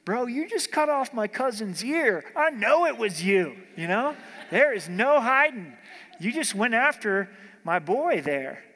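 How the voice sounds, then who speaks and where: An angry male servant who calls out an accused man in a loud, slangy, high-pitched voice, as a preacher puts him on. His accusations ring out with a long hall reverb. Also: sing-song, measured pace, heavily acted. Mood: accusing.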